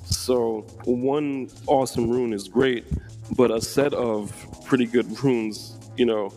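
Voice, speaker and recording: A man's voice: medium pitch, steady tone, slow, darkish tone, faint music behind. A man co-hosting a casual gaming chat, explaining event rules with frequent ums. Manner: explanatory, many ums and you-knows. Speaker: co-host.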